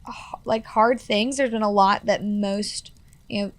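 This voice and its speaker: A young woman in her twenties recounts her own past in an earnest, rambling way, leaning on "like" and "you know". Her voice sits at an ordinary middle pitch and sounds dry and close, with no room around it. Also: steady tone, unhurried, no echo. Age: 20s. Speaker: guest. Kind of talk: personal storytelling in a podcast interview.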